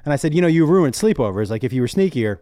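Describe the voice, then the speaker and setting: A middle-aged man with a fairly high voice, guesting as a comedian on a podcast. He tells family stories with big swings in pitch and acts out each character's lines as he goes. The sound is close and dry, with no room echo. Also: fast talker. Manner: animated storyteller who acts out quoted dialogue. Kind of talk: casual podcast chat.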